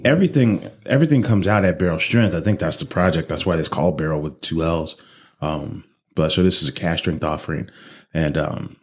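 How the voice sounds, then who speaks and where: A podcast co-host reviewing whiskey chats casually and loosely, swearing freely and rambling with fillers. His voice sits low and is a little mellow.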